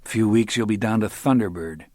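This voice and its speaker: A man's voice: lowish voice, normal speed, darkish tone, dry recording, studio quality, close to an everyday voice. An audiobook narrator voicing a blunt, wisecracking middle-aged man. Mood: wry blunt.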